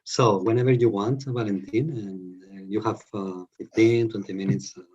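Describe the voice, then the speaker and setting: A man moderating a webinar over a video call, speaking haltingly and searching for words. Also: fairly low pitch, fairly even intonation, a little mellow, breathy edge. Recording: dull muffled call audio.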